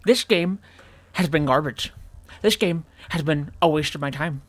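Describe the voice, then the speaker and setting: A man's voice: a little high, measured pace, fairly bright tone. A man at his computer desk giving playthrough commentary, getting more and more exasperated and ranting to himself as he plays. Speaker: gaming channel host. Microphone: desk microphone.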